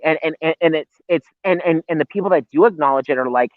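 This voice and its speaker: A man's voice: on the high side, quick pace, hardly any pauses, no room sound. A man who is a guest on a live-stream interview, talking in a heated, rambling way with swearing and many restarts. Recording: tinny phone-like line, dry.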